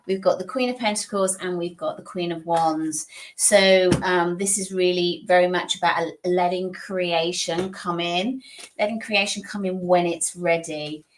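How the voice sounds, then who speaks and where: A woman doing a live-streamed tarot reading, calm and reassuring, calling the viewer "my darling". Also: on the low side, a little slow, slight background noise. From United Kingdom. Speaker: tarot reader.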